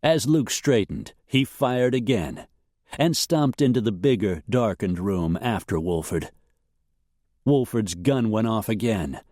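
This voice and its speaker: A man narrating a western novel in a slow, steady, dramatic reading. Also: on the low side, no room sound. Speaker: audiobook narrator. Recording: dry close recording.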